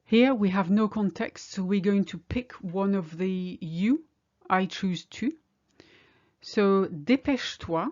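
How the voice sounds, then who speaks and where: A woman teaching a French lesson in English, speaking clearly and slowing down to model French phrases. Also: medium pitch, expressive, darkish tone, muffled recording. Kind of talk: language lesson.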